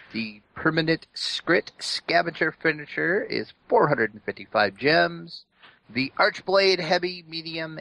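A man co-hosting a casual gaming podcast, reading out a list with playful quick asides. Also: on the high side, gravelly, bright, forceful tone, poor audio. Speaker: podcast co-host.

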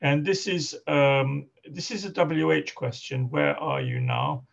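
Man, linguistics lecturer, academic seminar, hesitant with fillers, raspy, dull lo-fi sound. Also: a little high, fairly even intonation, slow. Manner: hesitant, many fillers and restarts.

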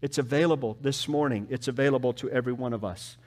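A man preaching a sermon as pastor, with emphatic rises and soft, slow, drawn-out drops. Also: medium pitch. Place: church.

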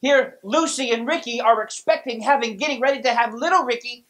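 A man preaching a sermon as pastor, telling stories with lively delivery and frequent restarts. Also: very high voice, fairly quick, hardly any pauses, low-quality recording. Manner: storytelling, lively, many restarts.

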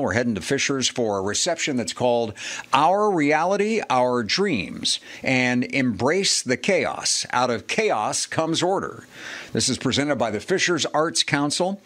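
Needs a folksy, chatty man of medium pitch, casual local weather host. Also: fairly bright tone. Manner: chatty, folksy, reads ads conversationally.

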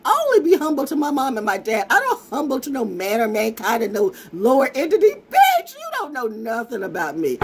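A brash woman talks to her viewers in a loose, rambling monologue. Her voice sits a bit high and swings widely up and down as she goes. She swears freely and keeps restarting her phrases. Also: fairly quick, few pauses, a little hiss or hum. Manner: brash, profane, animated. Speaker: vlogger and self-styled oracle.

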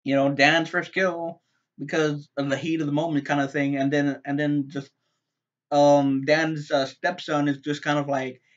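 A man's voice: a little high, level tone. Rambling man on a dull lo-fi mic. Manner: rambling, halting, many fillers and repeated words; loose and profane. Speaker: TV episode reviewer. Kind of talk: casual spoken review.

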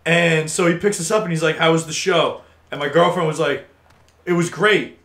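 Young male podcast host, early twenties, slightly high, animated ranter who swears a lot; echoey room. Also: moderate pace, vocal fry. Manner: animated ranting storyteller, swears freely. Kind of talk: casual podcast chat over gameplay.

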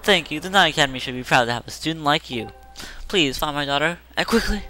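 A man's voice: a little high, animated, fast talker, sharp tone, soft background music. A man voicing a frantic mother who pleads for help finding her missing daughter, in a melodramatic way. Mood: pleading.

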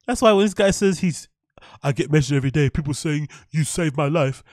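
A man's voice: a little high, a little fast, a little mellow, no echo, clean studio sound. A man streaming casual commentary, sarcastic and mocking, breaking into laughs as he reacts to a podcast clip.

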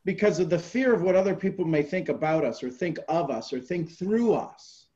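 A man's voice: sits high, lively intonation, normal speed, hardly any pauses, warm tone, dull audio. A man hosting a group call, giving earnest motivational coaching and repeating key phrases.

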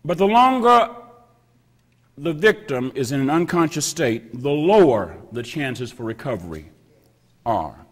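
Slow, emphatic preacher in a reverberant church. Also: male voice, fairly high pitch, big pitch swings. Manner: slow, emphatic preaching with drawn-out repetitions and dropping to a whisper. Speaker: pastor. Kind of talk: sermon. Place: church sanctuary. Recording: long reverb of a church hall.

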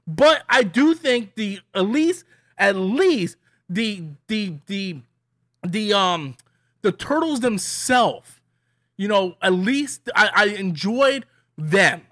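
A man's voice: high-pitched, sharp tone, no echo, clean studio sound. A man giving an annoyed, opinionated movie review in a rambling way, full of restarts and repeated words. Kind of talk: casual ranting review.

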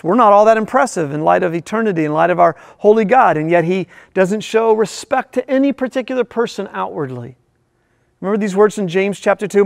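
A man's voice: sits high, creaky, no room sound, studio quality. A male pastor preaching a sermon in a church, emphatic and full of rhetorical questions.

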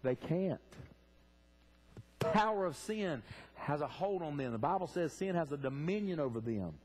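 A man's voice: fairly high pitch, lively intonation, moderate pace, a little mellow, husky. A man preaching a sermon in a church, fervently asking the congregation direct questions. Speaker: pastor. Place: church sanctuary.

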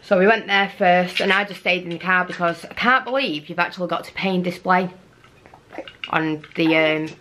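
A woman's voice: on the low side, moderate pace. A woman with a Manchester accent chatting casually to the camera in a vlog, rambling and laughing often. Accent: Mancunian. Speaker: vlogger. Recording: loud background noise.

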